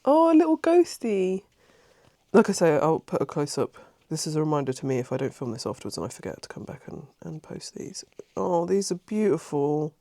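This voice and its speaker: A woman's voice: sits low, lively intonation, brisk, creaky, warm tone, no room sound. Rambling, emotional woman vlogger, dry sound. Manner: rambling and self-interrupting; emotional and easily moved. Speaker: craft vlogger. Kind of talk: casual chat.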